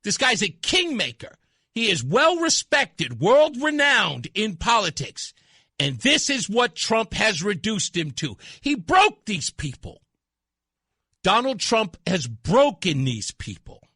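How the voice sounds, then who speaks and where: A male talk radio host riffing excitedly and laughing often between points. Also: high-pitched, slow, breathy edge, no echo, studio quality. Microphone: studio microphone.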